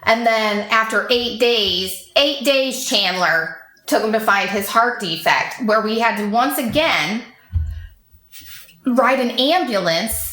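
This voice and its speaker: A woman in her thirties telling a long personal story in casual chat, animated and swearing freely as she acts out what others said. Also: on the high side, takes it slowly. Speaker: podcast guest. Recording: echoey room.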